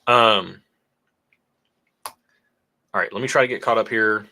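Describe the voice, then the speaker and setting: A low-pitched man with a bright, forceful tone talks casually on a livestream. He keeps a laid-back, joking manner while reading viewer messages aloud. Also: steady tone, slow, pauses often, slight background noise. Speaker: whiskey channel co-host.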